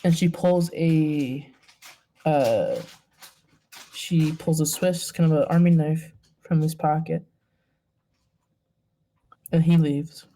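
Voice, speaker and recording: A woman narrating a tabletop game as game master, hesitant, with many pauses and fillers. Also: deep voice, mellow.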